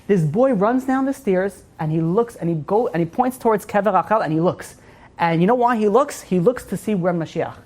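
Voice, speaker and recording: A man, a rabbi, giving an informal Torah class as an animated storyteller who fills his talk with "you know". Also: high voice, brisk.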